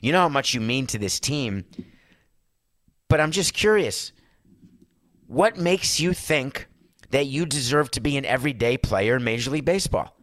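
A man imitating a calm veteran baseball manager who lectures a young player in a relaxed, fatherly but firm way, leaning back rather than looming. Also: mid-range voice, normal speed, long pauses, dry recording, close to an everyday voice.

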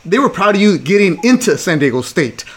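A man's voice: sits high, a little fast, slightly rough. A man hosting a podcast, chatting casually and teasing his guests. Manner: teasing, animated. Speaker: podcast host. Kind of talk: casual chat.

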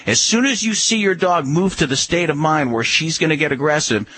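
A man's voice: a little high, fairly quick, pushed and bright, slightly rough, low-quality recording. A man on a call-in radio show giving dog-training advice in a firm, instructive way, often repeating key words.

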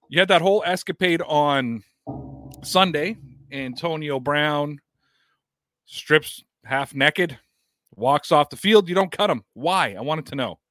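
A man's voice: fairly high pitch, no echo, clean studio sound. A man hosting a sports podcast, going through a news story in casual commentary, talking straight to his audience and reading statements aloud. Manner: animated, talks to the audience directly, recounts and reads out statements.

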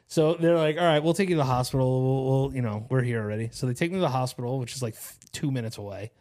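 A man's voice: medium pitch, fast, a little mellow. A young man hosting a podcast, telling a long story in casual chat, rambling and profane with lots of slang. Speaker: podcast host.

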